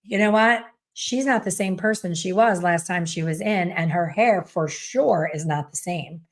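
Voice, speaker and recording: A middle-aged salon owner and hair color educator speaks at a moderate pace in a lowish voice. She gives fellow hairstylists candid, chatty coaching advice and acts out what people say.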